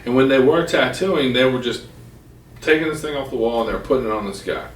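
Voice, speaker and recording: Probing interviewer in an echoey room. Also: male voice, medium pitch, animated, quick pace. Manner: probing, clarifying. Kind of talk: casual conversation. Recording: echoey room, distant mic.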